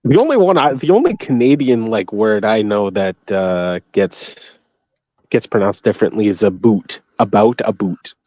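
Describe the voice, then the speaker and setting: A man with a Massachusetts accent, a guest on a casual livestream chat, blunt and profane and quick to laugh. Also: lowish voice, lively intonation, a little mellow, no echo. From Massachusetts, United States. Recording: dry, dull lo-fi audio.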